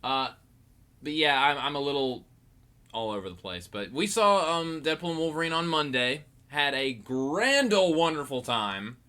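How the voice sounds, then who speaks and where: A man's voice: on the high side, animated, moderate pace, bright, forceful tone. A young man hosting his own podcast, rambling and joking at himself, groggy from just waking up. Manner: rambling, jokey, self-mocking. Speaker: podcast host. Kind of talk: casual solo podcast chat.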